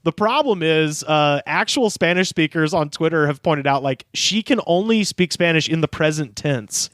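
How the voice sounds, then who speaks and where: A man's voice: a little high, animated, normal speed, fairly bright tone, dry recording, clean studio sound. Laughing, profane male podcast comedian. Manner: loose and profane, laughs often. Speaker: podcast co-host. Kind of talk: casual comedic chat.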